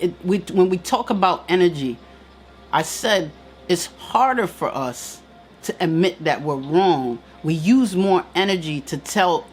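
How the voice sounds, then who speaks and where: A woman giving an emphatic, preacherly motivational talk on a live stream. She repeats her key lines and answers viewer comments. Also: low voice. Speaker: spiritual teacher hosting a live stream.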